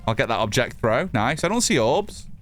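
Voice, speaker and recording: With a mixed northern English accent, a streamer from England's north keeps up a chatty commentary on his gameplay, reads chat out and drops casual swears. His medium-pitched voice is sing-song and fairly bright at a normal speed. Faint music sits in the background.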